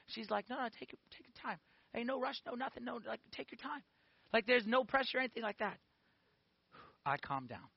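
A man in his forties giving a lively personal testimony in a sermon, peppering it with "okay?" and "like". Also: sits high, no room sound, lo-fi sound. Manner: animated storytelling with frequent "okay?" and "like".

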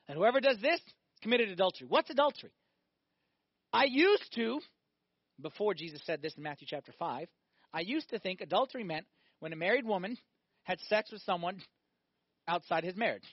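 Animated male priest preaching. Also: high voice, dry recording, lo-fi sound. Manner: animated, rhetorical questions, acts out scenes. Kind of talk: sermon.

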